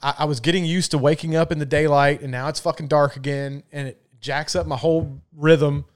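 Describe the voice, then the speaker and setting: A man's voice: a little high, steady tone, brisk. Man, podcast co-host, casual rant, heavy swearing, exasperated. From Florida, USA. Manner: profane, ranting, exasperated.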